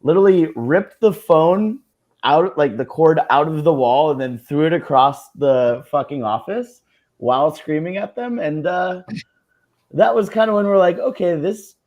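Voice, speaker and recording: A man's voice: fairly high pitch, measured pace, muffled recording. A man co-hosting a podcast, telling a story in a loose, hesitant way with lots of fillers, and teasing his co-host. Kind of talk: casual storytelling chat.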